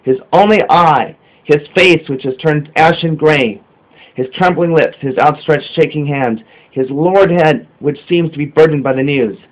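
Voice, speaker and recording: A man's voice: fairly high pitch, normal speed. A man reading a religious narrative aloud, earnest, with occasional slips and restarts. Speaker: reader. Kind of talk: amateur reading of a religious text. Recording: dull lo-fi home recording.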